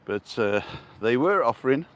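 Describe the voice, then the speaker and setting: A man's voice: medium pitch, lively intonation, moderate pace. An older man live-streaming on a street walk, chatting casually and answering viewers' comments as he goes. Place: outdoors on a street.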